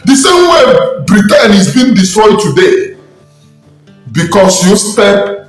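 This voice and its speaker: A man's voice: high-pitched, sing-song, slow pace. A man with a Nigerian accent, a self-styled spiritualist, angrily preaching and scolding his listeners in an impassioned online rant. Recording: echoey room with faint music.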